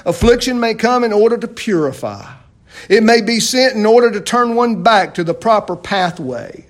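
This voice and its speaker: High-voiced man preaching a sermon. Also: animated, normal speed. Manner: preaching with rhetorical questions, sudden drops to quiet. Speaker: pastor.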